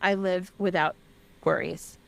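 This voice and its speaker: A woman voicing a sharp-tongued young female shaman in a retold legend, using casual modern phrasing in her own everyday voice. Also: fairly low pitch, fairly even intonation, unhurried, gravelly, pitched below the performer's own voice. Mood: resolute. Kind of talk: casual storytelling.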